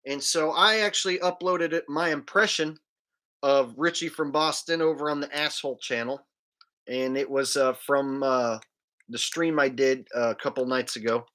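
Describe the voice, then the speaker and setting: A man's voice: medium pitch, steady tone, normal speed, pushed and bright. A man hosting a casual livestream, rambling loosely and dropping "man" and "like" as he talks. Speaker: livestream host.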